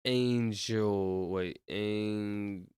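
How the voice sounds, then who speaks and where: A man's voice: lowish voice, fairly even intonation, drawn-out words, darkish tone, clear, resonant tone, dry recording, clean studio sound. A young man streaming, chatting casually in a rambling, slangy way and calling people bro. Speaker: streamer counting out loud. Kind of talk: casual livestream chat.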